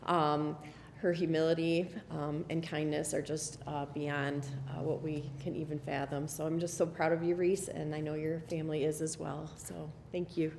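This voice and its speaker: A woman's voice: low voice, little pitch movement, moderate pace, vocal fry. A woman who is a dean of students, praising a student with frequent fillers. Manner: warm praise, hesitant fillers. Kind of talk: tribute speech. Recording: hall reverb with faint noise.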